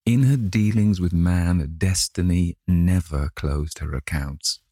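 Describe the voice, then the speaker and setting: A man narrating a classic novel in a measured way, lightly voicing the characters. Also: deep voice, no echo, clean studio sound. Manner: measured reading, gently voices each character. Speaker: audiobook narrator.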